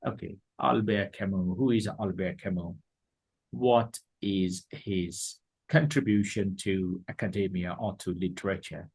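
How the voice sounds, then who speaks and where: A man lecturing a class on presenting, speaking very slowly and deliberately. His voice is a little husky, and he hammers points home by saying them again in new words. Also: fairly low pitch. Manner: deliberate, repeats points for emphasis.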